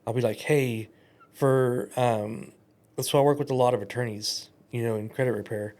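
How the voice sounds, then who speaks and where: A man talking casually on a podcast, telling animated stories and acting out quoted voices. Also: mid-range voice, normal speed.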